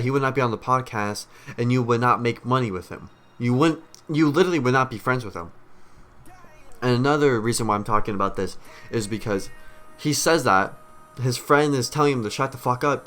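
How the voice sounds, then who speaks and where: A man's voice: mid-range voice, fairly bright tone. A man streamer giving a rambling, blunt commentary rant, swearing heavily as he talks. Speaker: streamer reacting to clips.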